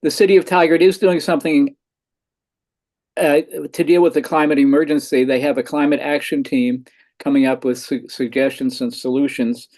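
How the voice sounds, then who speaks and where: Man giving a brisk group report. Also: fairly high pitch, fairly even intonation, a little mellow. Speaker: community group representative. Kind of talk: community meeting update.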